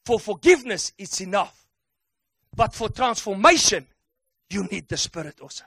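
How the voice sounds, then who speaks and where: High-voiced emphatic male preacher. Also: normal speed, vocal fry, pauses often, slightly rough, dry recording, studio quality. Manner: emphatic call-and-response preaching, builds to excited shouts. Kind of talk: sermon.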